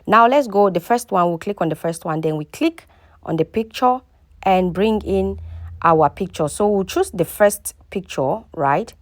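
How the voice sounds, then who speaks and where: A woman's voice: mid-range voice, a little slow, no echo, clean studio sound. A woman hosting a casual step-by-step tutorial. She repeats herself often and keeps checking in with the viewer. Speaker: tutorial host. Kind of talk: casual screen-recording tutorial.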